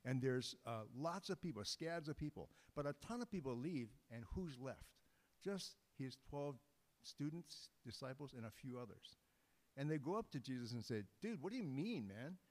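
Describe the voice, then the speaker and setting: A man delivers a sermon in an easygoing, joking way, often breaking off and restarting his phrases. His voice sits at an ordinary middle pitch. The sound rings out with the long reverb of a large church sanctuary. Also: lively intonation, moderate pace. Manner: informal, joking, conversational with restarts. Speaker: guest preacher.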